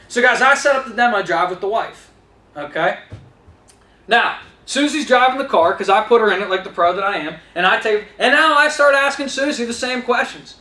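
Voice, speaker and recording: A man with a high-pitched voice, talking a little fast in a roomy space, trains salespeople. He speaks energetically and directly to the trainees, acting out the lines he'd say to customers in an instructional talk built around role-played dialogue.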